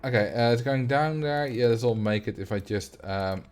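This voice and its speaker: A man's voice: medium pitch, normal speed, darkish tone. A man with a Dutch accent giving casual, joking commentary while livestreaming a game. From Netherlands. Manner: chatty, laughs often, jokes about words.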